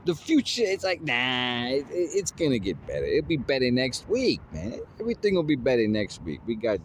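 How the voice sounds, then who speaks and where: A man's voice: medium pitch, huge pitch swings, moderate pace, a little hiss or hum. A man rambling in a casual monologue, drawling with lots of fillers like "you know" and "man".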